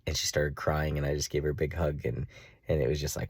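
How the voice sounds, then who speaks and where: A man telling a long personal story in a casual vlog, rambling with many fillers and jumping into a high, excited voice when he acts out his own reactions. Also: a little fast, breathy edge, no echo, clean studio sound. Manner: jumps to a high excited pitch when reenacting himself. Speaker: vlogger.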